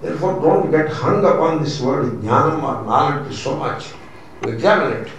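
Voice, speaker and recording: A man's voice: fairly high pitch, animated, normal speed. A man with an Indian accent, a swami teaching scripture in a lecture, stressing points by repeating them and using Sanskrit terms. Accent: Indian English. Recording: very echoey room, mic far off, faint noise.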